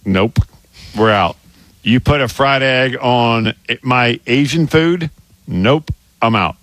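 A man co-hosting a sports radio show in casual banter, excitable and emphatic, often stammering and restarting. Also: mid-range voice, slow, no room sound. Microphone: studio microphone.

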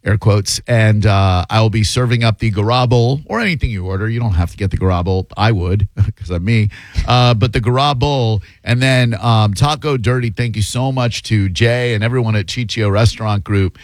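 A man's voice: fairly low pitch, fairly even intonation, dry recording. Blunt, mocking male radio host. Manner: blunt, mocking, quick to insult callers. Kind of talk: brash call-in radio banter.

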